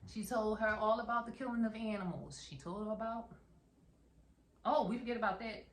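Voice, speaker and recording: A woman's voice: on the high side, brisk. A woman casually retelling a horror film's plot, acting out scenes with sound effects. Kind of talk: casual film recap. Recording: roomy echo.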